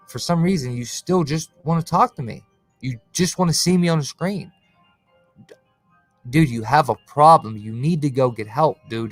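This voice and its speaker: A man's voice: medium pitch, no room sound. Dude ranting on his stream, slangy, calls everyone bro, dry close sound, faint music behind. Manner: confrontational, slangy, repeats "bro" and "cuz". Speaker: conspiracy channel host. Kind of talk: casual livestream rant.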